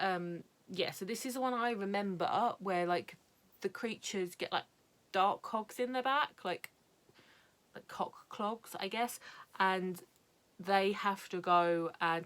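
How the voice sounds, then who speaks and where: A woman's voice: on the low side, fairly bright tone. A young British woman chatting casually and candidly about her anime collection, rambling with lots of fillers and the odd swear. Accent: British English. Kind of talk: casual chat.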